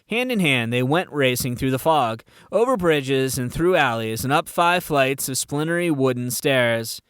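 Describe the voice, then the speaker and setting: A man narrating a fan audiobook reading in a measured storytelling manner. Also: medium pitch, fairly bright tone, clean tone, no echo, clean studio sound.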